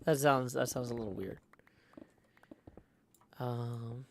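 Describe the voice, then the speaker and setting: A man's voice: medium pitch, fairly even intonation, takes it slowly, vocal fry, very noisy. A man hosting a live stream, chatting playfully, thinking aloud and reading out viewer messages. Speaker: streamer host.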